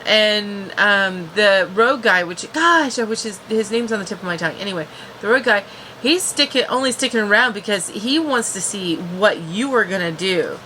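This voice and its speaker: Woman, TV reviewer; casual, rambling recap delivery, bright forward tone. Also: medium pitch, expressive, moderate pace, a little hiss or hum, poor audio. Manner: chatty, restarts and fillers.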